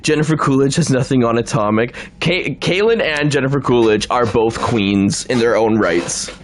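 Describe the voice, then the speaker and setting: A Canadian streamer chats casually as he plays a video game, rambling, laughing a lot, and slipping into impressions. His voice is mid-range and his speed normal.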